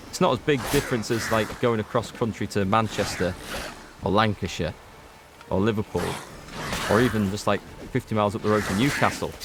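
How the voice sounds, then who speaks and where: Very noisy audio carries a lowish male voice with a North Yorkshire English accent. The speaker, a let's play gamer from North Yorkshire, England, rambles casually to his viewers while giving gameplay commentary.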